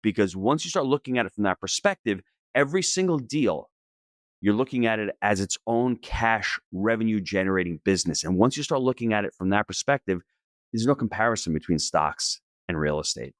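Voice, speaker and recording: A middle-aged man answering interview questions in an energetic, emphatic and persuasive way. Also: fairly low pitch, brisk, no echo, clean studio sound. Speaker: podcast guest.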